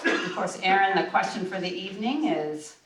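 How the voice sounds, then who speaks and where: A woman hosting a club meeting, briskly introducing the next speaker. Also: medium pitch, expressive. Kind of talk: meeting emcee. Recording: roomy, distant mic, audible noise.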